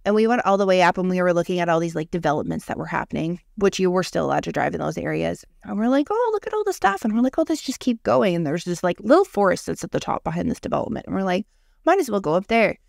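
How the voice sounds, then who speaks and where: A thirties-aged woman who co-hosts a podcast tells a creepy personal story in casual conversation, swearing freely and acting out what people said with animated energy. Her voice is fairly low, creaky, and fast. The recording is clean studio sound with no room sound.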